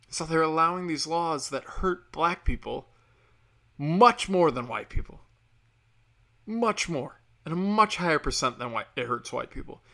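Gravelly, profane man ranting. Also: a little high, bright, forceful tone. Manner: blunt, profane, sarcastic. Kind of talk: casual political rant.

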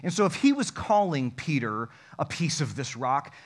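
A pastor preaching a lively sermon, mixing scripture reading with jokes, swinging between loud and soft. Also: male voice, on the high side, moderate pace. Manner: animated, jokey preaching with sudden loud and soft turns.

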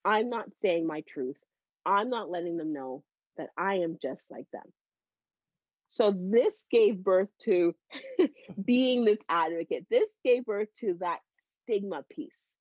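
A woman's voice: medium pitch, takes it slowly, no room sound. Candid woman telling her story, laughing. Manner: animated and heartfelt, laughs often between phrases. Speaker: podcast guest, psychotherapist. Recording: dull, slightly lo-fi dry audio.

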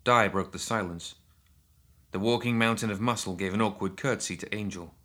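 Male narrator, steady measured read, lowish voice. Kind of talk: audiobook narration.

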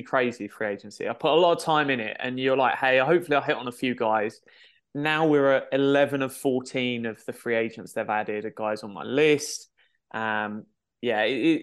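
A man co-hosting a podcast, talking casually with relaxed, stumbling restarts. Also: mid-range voice, clean tone. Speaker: podcast co-host.

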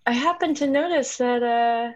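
A woman's voice: high-pitched, moderate pace. Teasing woman player on a muffled mic. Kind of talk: tabletop game play.

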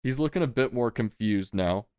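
A man's voice: medium pitch, animated, moderate pace, warm tone, clear, resonant tone, no room sound. A man narrating a tabletop game as game master, in a casual, rambling way with lots of fillers.

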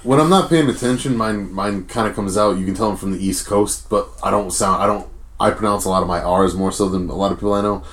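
A man's voice: on the low side, steady tone, fast talker, a bit bright. A young man with a Rhode Island accent hosting a casual podcast, talking in a rambling, profane way full of fillers. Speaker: podcast host.

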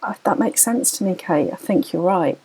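A woman's voice: fairly low pitch, lively intonation, moderate pace, dark tone, breathy edge, low-quality recording. A woman, a podcast guest, earnestly telling a personal story in tumbling phrases full of restarts.

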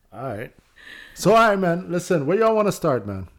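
A man's voice: high voice, big pitch swings, moderate pace. A young man from Toronto hosting a casual podcast, loose and slangy, laughing as he talks. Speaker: podcast host.

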